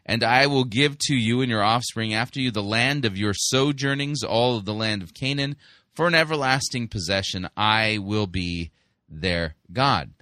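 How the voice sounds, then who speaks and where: Bright-toned man giving sermon commentary. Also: fairly low pitch, no room sound, studio quality. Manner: conversational, many fillers, slows down to stress key words. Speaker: podcast host.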